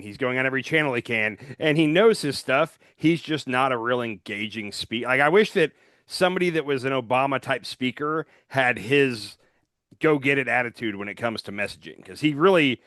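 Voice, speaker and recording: A man hosting a casual political chat, blunt and opinionated, talking in quick asides. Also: medium pitch, fairly bright tone, no echo, studio quality. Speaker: podcast host.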